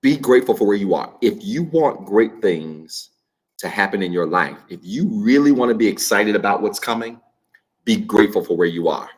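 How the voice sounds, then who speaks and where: A man's voice: fairly low pitch, brisk. A man preaching a sermon to an online congregation, emphatic and repetitive, speaking straight to his viewers. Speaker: pastor. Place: church livestream.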